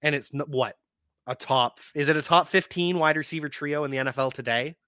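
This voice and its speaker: Male fantasy football podcast host, bright and forceful tone, close dry mic, casual animated delivery. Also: on the high side, brisk, dry recording. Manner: animated, laughs at his own points. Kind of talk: casual sports talk.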